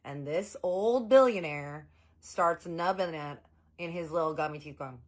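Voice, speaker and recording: Animated woman telling a story. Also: low voice, measured pace. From Southern US. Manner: animated, chatty, full of "like" fillers. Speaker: storytime vlogger. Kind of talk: casual storytelling.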